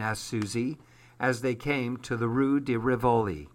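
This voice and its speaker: Bright-voiced male storybook narrator. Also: mid-range voice, steady tone, unhurried.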